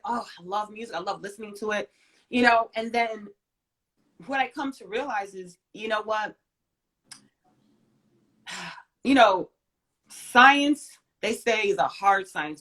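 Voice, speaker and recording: A woman in her forties tells a story from her own life as a guest in an interview. Her telling is emphatic and expressive, and it moves from loud bursts to soft, hushed asides. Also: medium pitch.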